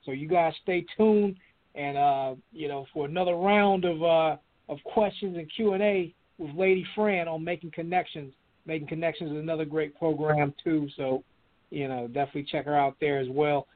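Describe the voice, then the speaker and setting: A man's voice: fairly high pitch, fairly even intonation. A man hosting a call-in show in an easygoing way, heard over a phone line. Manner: easygoing, repeats phone numbers slowly. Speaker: show host.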